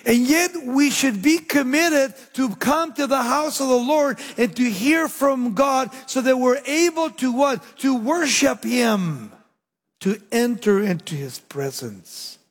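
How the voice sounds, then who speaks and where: A man preaching a sermon, swinging between loud emphatic lines and low, hushed endings. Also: expressive, takes it slowly, husky. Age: young adult. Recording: long hall reverb.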